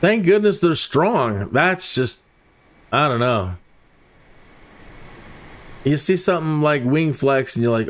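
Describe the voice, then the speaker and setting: A man's voice: a little high, lively intonation, slow pace, long pauses. A man giving casual, chatty commentary while flying a flight sim, talking directly to his viewers.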